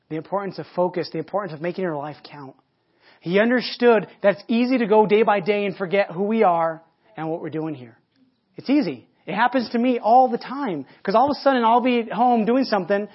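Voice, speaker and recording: Husky man preaching conversationally. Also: high voice, muffled recording. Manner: conversational storytelling with many restarts. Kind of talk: sermon.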